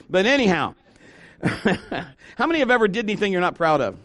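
A man's voice: high-pitched, lively intonation, moderate pace. A middle-aged man preaching a sermon in church, conversational and joking, with asides to the congregation. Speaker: pastor. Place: church sanctuary.

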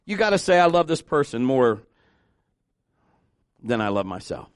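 A male pastor preaching a conversational sermon, asking the congregation questions and jumping into high excited voices when he acts out quotes. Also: moderate pace, no echo, studio quality. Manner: animated, swings into high-pitched voices when acting out quotes.

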